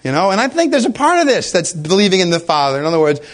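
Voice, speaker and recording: A male pastor delivering an impassioned sermon, his fairly high voice leaping up and down as he presses rhetorical questions on his listeners. He swings between hushed lines and sudden forceful bursts. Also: big pitch swings, quick pace.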